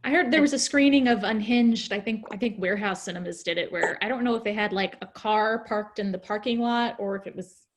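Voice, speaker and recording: A woman's voice: medium pitch, a little fast. A woman on a panel discussion, talking in a chatty, casual way. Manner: chatty, casual, uses lots of fillers.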